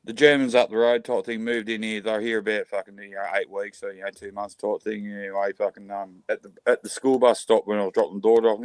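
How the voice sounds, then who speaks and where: A man's voice: on the low side, flat delivery, quick pace, few pauses, dry recording. An Australian man chatting casually as a podcast co-host, rambling and swearing a lot as he tells stories. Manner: rambling, sweary, keeps saying "type thing". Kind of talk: casual chat.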